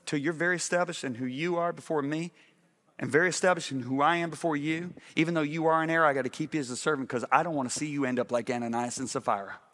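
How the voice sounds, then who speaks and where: Speaking quickly in a slightly high-pitched voice, a middle-aged male preacher delivers an animated sermon, constantly questioning the congregation.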